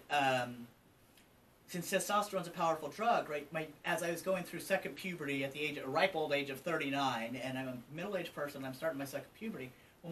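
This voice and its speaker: A man nearing fifty from Colorado shares his life story as an interview guest, relaxed and conversational with many fillers. His voice sits a bit high for a man. He is picked up from a little off the microphone, over a faint hum of background ambience. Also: far from the mic, poor audio. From Colorado, USA. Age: almost 50. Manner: open and conversational, many ums and asides. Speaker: interview guest, trans advocate. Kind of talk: candid personal storytelling. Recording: from slightly off mic with faint ambient noise.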